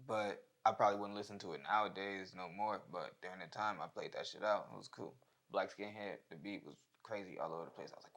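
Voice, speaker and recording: A young rapper keeps things relaxed and slow-paced in casual conversation, his low, easygoing voice heavy with slang and frequently fading gently at the end of lines.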